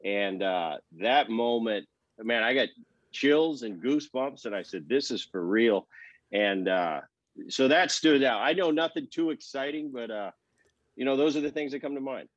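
A man's voice: medium pitch, normal speed, dry recording. A man in his fifties, a former ballplayer, telling stories in an interview and acting out the dialogue. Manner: animated storyteller, acts out quoted dialogue. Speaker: former baseball player, guest. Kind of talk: relaxed storytelling interview. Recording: dry, slightly dull sound.

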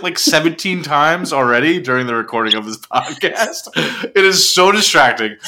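A man's voice: mid-range voice, pushed and bright. A man co-hosting a casual fan podcast, laid-back and rambling, laughing as he talks. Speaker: podcast co-host.

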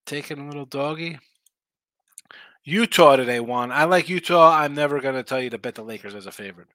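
Tired, rambling man with a bright, dry voice. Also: on the high side, fairly quick, no room sound. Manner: laid-back, rambling, slangy, reads chat aloud. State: tired, yawning, injured arm. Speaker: sports betting show host. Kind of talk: casual live-stream chat reading viewer comments.

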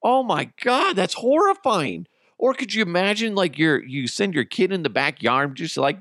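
A man's voice: sits high, big pitch swings, moderate pace, a bit bright, dry recording, studio quality. A man hosting a podcast, telling stories in a casual, profane, comedic way and laughing at his own jokes. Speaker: podcast host.

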